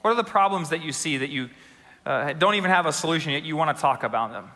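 Guy pastor with a high bright voice, joking around and asking the crowd stuff, big echoey church. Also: lively intonation, quick pace. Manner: storytelling with humor and audience questions. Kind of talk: sermon.

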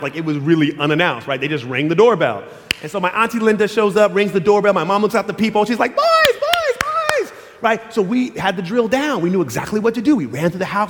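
A middle-aged man preaching a sermon as pastor, telling stories and acting out quotes in shifting voices. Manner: animated, acts out quotes in high and low voices. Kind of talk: sermon with storytelling. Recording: long hall reverb.

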